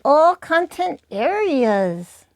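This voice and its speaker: A woman's voice: sing-song, no echo, clean studio sound, heavily acted. A woman voicing a perky little puppet sidekick that chirps in cheeky answers. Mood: chirpy. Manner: chirpy, cheeky, high and slow.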